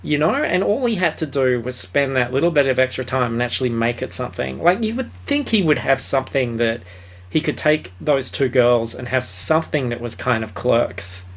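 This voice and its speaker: A man co-hosting a podcast, reviewing films in relaxed conversation. He talks with an average pitch and rambles, trailing through fillers and restarts and dropping casual swear words. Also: moderate pace. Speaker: podcast co-host. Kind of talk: casual film review chat.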